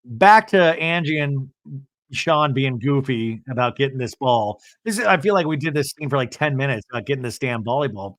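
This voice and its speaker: A man hosting a casual comedic podcast recap, animated and quick to mimic the people he describes, swearing now and then. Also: medium pitch, no echo. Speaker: podcast host recapping reality TV.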